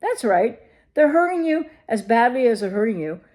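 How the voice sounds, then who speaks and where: Rhetorical questions abound as a woman recovery coach gives emphatic advice directly to the camera. Her voice is on the high side and sing-song but darkish in tone, at a moderate pace.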